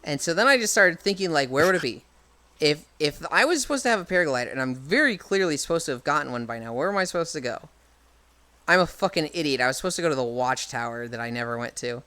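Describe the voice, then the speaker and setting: Bright, animated male streamer. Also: on the high side, fast. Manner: rambling, exasperated, swears a lot. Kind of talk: casual chat on a live stream.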